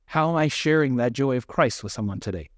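A pastor delivers a sermon in a mid-range male voice that's lively in intonation and a little quick, with no room sound at all. His tone is conversational and self-deprecating, and he often acts out what people say in other voices.

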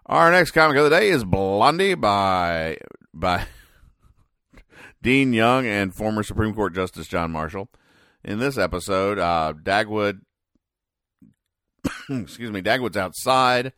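A man hosts a comedy podcast, reading newspaper comics aloud and picking apart the jokes with sarcastic, mock-serious explanations. His voice sits a little low. The recording is close and dry, with no room sound. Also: animated, slow pace, pauses often, sharp tone, no echo.

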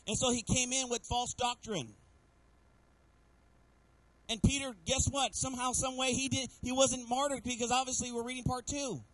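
High-voiced man preaching a sermon. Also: level tone, moderate pace, a bit bright, dry recording, poor audio. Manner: preaching with call-and-response asks to the congregation; acts out quoted voices within the sermon. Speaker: pastor. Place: church sanctuary.

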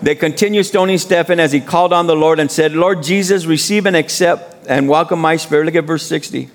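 A man with a slightly high, brisk voice preaches as a guest speaker. He exhorts the congregation in plain, informal street-style speech, drawing call-and-response "amen"s again and again.

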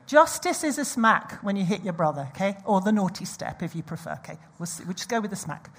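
Husky-voiced woman preaching. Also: mid-range voice, quick pace. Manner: animated storytelling with audience asides. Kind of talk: sermon.

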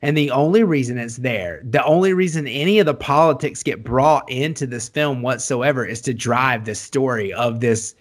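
A man's voice: medium pitch, normal speed, hardly any pauses. A man co-hosting a casual podcast, rambling through his points with many "like"s and restarts and laughing often. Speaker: podcast co-host. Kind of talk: casual chat.

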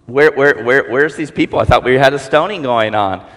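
A man voicing Jesus as a calm, forgiving man who speaks slowly and softly in a low voice. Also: natural voice. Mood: gentle. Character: gentle calm adult male Jesus, forgiving. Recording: long hall reverb.

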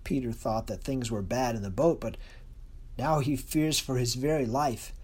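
A preacher delivering a sermon in an earnest, expressive way, slowing and softening for emphasis. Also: medium pitch, husky.

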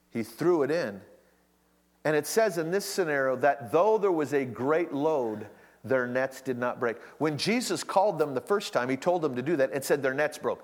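A man preaching a sermon, telling stories with animated delivery and acting out the voices of those he quotes. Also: a little high. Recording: long hall reverb.

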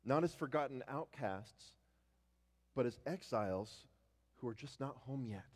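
A man's voice: medium pitch, animated, a little slow. Preacher man in a reverberant hall. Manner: stammering restarts, swings from loud declarations to hushed tones. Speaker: pastor. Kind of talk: sermon.

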